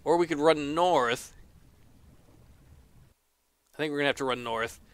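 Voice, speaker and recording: Excitable man commenting on a game. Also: fairly high pitch, unhurried, clean tone. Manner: exclaiming, laughing, reading game text aloud. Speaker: let's player. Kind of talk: casual gameplay commentary.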